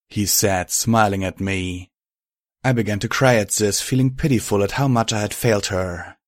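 A man reading fan fiction aloud as an audiobook narrator in a steady storytelling manner. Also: on the low side, moderate pace, no echo, clean studio sound.

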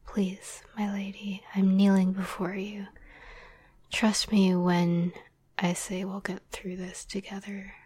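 Whispered role-play: woman voicing a nervous young prince, soft and pleading, breathy, flat and slow. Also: medium pitch, no room sound.

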